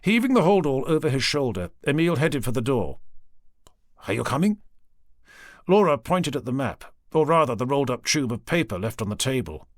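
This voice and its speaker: A man narrating an audiobook in a measured, expressive storytelling manner. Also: medium pitch, no room sound, studio quality. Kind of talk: scripted narration. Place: recording studio. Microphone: close studio mic.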